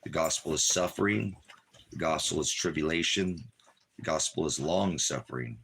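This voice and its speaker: A man preaching an informal home sermon with fervent delivery that swings from low murmurs to shouted warnings. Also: normal speed, creaky, husky.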